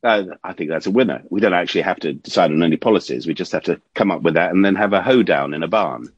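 A man with a very low, husky voice comments on current events in a chatty, wry way. The sound is dry and a little dull, like a remote line into the studio. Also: fast, no room sound. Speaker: regular commentator. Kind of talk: casual commentary.

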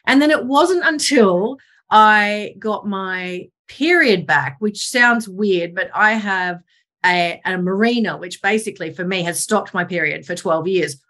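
A woman in her forties, a podcast guest talking candidly over a video call, animated and self-mocking as she tells her story. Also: mid-range voice. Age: 40s. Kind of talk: candid conversational interview.

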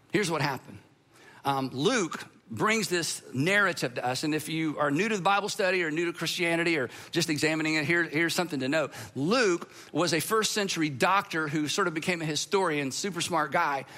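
A middle-aged man preaching a sermon as a pastor, in a conversational, animated way. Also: on the high side, normal speed. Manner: conversational, animated, acts out quoted voices.

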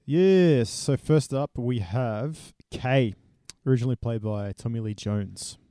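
A man's voice: medium pitch, a little slow, warm tone, clean tone, no room sound, studio quality. A man co-hosting a podcast, briefly reading out items from a list in casual chat. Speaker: podcast co-host.

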